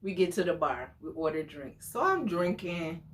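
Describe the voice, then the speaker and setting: A woman in her forties telling a story casually, animated and exclamatory, often breaking into laughter. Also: lowish voice, normal speed, slight background noise. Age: 40s. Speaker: storytime vlogger.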